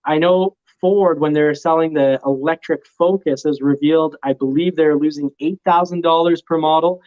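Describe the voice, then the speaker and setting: A man with a slightly raised voice explains quickly and confidently as a guest reviewer. He is heard over a remote call, and the audio comes through dull and lo-fi. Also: on the high side. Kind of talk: casual live chat.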